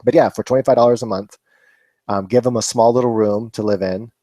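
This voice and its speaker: A man's voice: on the low side, fairly even intonation, fairly quick, mellow, no room sound. A man hosting a live Q&A, chatting casually and rambling with laughs and swearing. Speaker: vlog host answering viewer questions.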